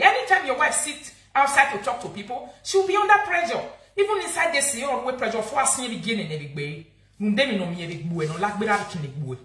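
A woman's voice: mid-range voice, a bit bright, echoey room. A woman with a Nigerian accent, scolding and insulting someone in a heated live-video rant. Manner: angry, insulting, repetitive scolding. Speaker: social media vlogger.

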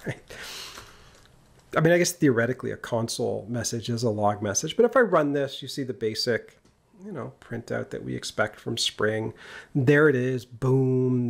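A programming instructor with a creaky, mid-range voice leads a screen-recorded coding tutorial, talking through each step while typing. His manner is casual and jokey.

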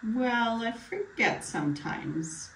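A woman's voice: fairly high pitch, animated, slow pace, gravelly, slight background noise, heavily acted. A woman playing a retired older male patient with a bad cough in a mock doctor-patient role-play, giving short plain answers. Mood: tired. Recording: echoey room, far from mic, faint ambience.

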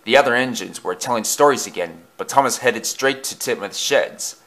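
A man reading a children's story aloud as a narrator, in a hushed, suspenseful way. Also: mid-range voice, moderate pace.

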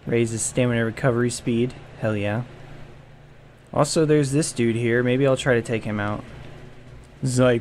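A gaming video creator with a medium-pitched voice gives comedic, jumpy, self-mocking gameplay commentary over slight background noise. He yelps and groans whenever danger appears.

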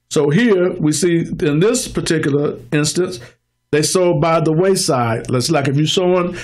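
A male pastor with a higher-pitched voice delivers a teaching sermon, explaining scripture through plain everyday examples. He slows down when reading verses aloud and acts out the churchgoers he describes.

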